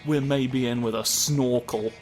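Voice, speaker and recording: A man's voice: mid-range voice, fairly even intonation, a little slow, darkish tone. A man giving casual, rambling commentary over his gameplay, joking and swearing often. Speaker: let's play host. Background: game music.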